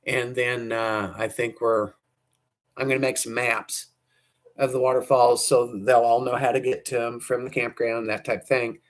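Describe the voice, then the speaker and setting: A woman hosts a casual livestream, chatting to viewers in a loose, rambling way. Her voice sounds hoarse, and her sentences often trail off and restart. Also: extremely low pitch, flat delivery, normal speed. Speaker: livestream host.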